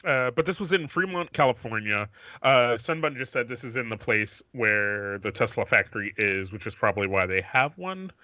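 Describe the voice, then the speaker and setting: A man's voice: medium pitch, expressive, moderate pace, sharp tone, no echo. A man co-hosting a podcast in casual banter, rambling with lots of fillers and swearing, on a dull lo-fi mic. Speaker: podcast co-host.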